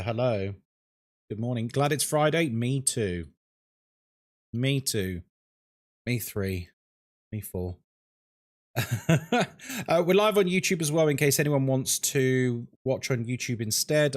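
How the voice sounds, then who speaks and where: A man chatting on a live game stream, his pitch jumping up and down as he greets people by name. He jokes freely and keeps the banter going. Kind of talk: casual live-stream chat.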